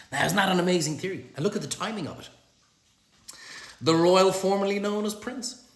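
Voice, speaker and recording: A man's voice: sits high, brisk. A middle-aged Irish man delivering a sarcastic, profane monologue as a vlogger. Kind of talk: ranting monologue. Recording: roomy echo.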